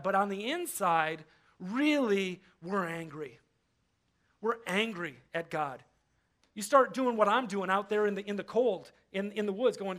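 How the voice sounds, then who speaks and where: A man's voice: sits high, normal speed, fairly bright tone. A man pastor giving a casual, conversational sermon, often acting out the voices he quotes. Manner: conversational, acts out quoted voices, frequent fillers. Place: church.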